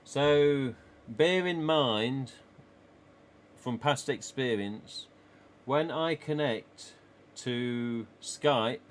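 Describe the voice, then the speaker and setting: A man with an English East Midlands accent live streams from a small home office, chatting casually and rambling with viewers while laughing often. His voice is mid-range with drawn-out words, and there's a little hiss or hum.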